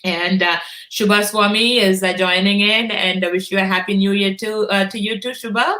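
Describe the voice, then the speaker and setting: Echoey, bright-voiced woman hosting a live stream. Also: medium pitch, fairly even intonation, normal speed. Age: middle-aged. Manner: warm greetings with many "uh" fillers. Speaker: host of a live online broadcast.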